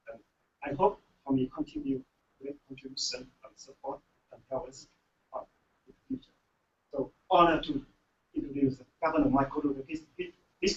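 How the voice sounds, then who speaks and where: A man organizing a forum, making a formal announcement with many hesitations and pauses. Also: fairly high pitch, gravelly. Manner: halting, many hesitations, sincere. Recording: distant dull mic with faint noise.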